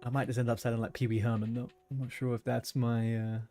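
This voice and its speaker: A man talking casually at an average pitch while he plays a game on stream. He swears freely and mutters to himself between remarks. Faint music runs underneath. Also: level tone, quick pace, dark tone. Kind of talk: casual gaming livestream chat.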